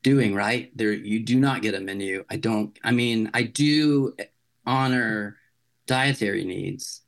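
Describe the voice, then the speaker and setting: A man's voice: lowish voice, slow pace, creaky. A man, a chef, chatting casually as an interview guest in a rambling, loose way full of filler words.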